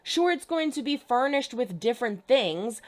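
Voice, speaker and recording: Young female reaction host, emphatic and exasperated, bright lively pitch that swoops up and down. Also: moderate pace. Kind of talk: casual TV reaction commentary.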